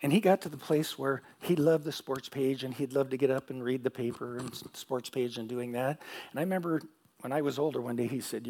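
A man's voice: mid-range voice, fairly quick, darkish tone. A middle-aged man pastor preaching a sermon, telling stories and asking the audience questions, with repeated phrases.

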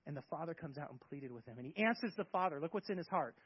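Husky high-voiced man preaching. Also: expressive, racing, no room sound, dull audio. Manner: emphatic, conversational, rhetorical questions. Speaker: pastor. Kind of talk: sermon.

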